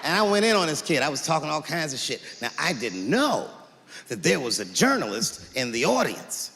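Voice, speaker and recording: Male stand-up comic, high, animated voice, big echoey hall, loud crowd. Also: normal speed, vocal fry. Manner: animated storytelling, swinging into character voices. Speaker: stand-up comedian. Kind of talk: stand-up comedy routine. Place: large venue on stage.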